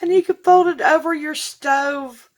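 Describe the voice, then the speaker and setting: A woman's voice: sits high, fairly even intonation, measured pace. A woman, gushing as she unboxes gifts in a casual vlog. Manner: gushing and effusive, says y'all. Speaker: vlogger.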